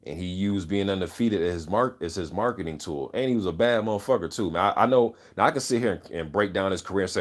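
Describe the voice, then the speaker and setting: A man's voice: low voice, fast, hardly any pauses. A man hosting a casual boxing talk show, reading viewer comments and giving loose, opinionated takes full of swearing and "you know what I'm saying". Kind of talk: casual unscripted chat.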